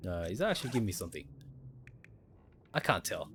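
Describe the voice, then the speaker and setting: A man's voice: low-pitched, big pitch swings, quick pace, long pauses, fairly bright tone, slight background noise. Man thinking aloud over gameplay. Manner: thinks aloud, explains mechanics to viewers. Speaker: gaming livestreamer. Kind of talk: casual gameplay commentary.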